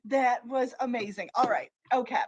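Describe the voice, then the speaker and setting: A young woman who is a teen librarian and co-hosts a talk show, chatting casually and telling a story in an animated, self-interrupting way, laughing as she goes. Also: fairly high pitch, moderate pace, slight background noise. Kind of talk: casual chat and playful storytelling.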